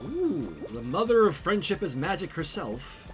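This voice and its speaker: A co-streamer chatting casually during a game, mostly chiming in with quick reactions. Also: mid-range voice, big pitch swings, over music. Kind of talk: casual chat while gaming.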